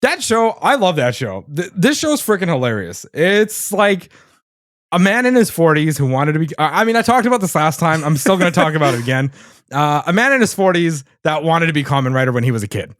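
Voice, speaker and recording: A man's voice: fairly high pitch, sing-song, fairly quick, fairly bright tone, no echo, clean studio sound. A man co-hosting a casual podcast, telling a story with lots of energy, laughing often and swearing casually. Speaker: podcast co-host. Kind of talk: casual chat.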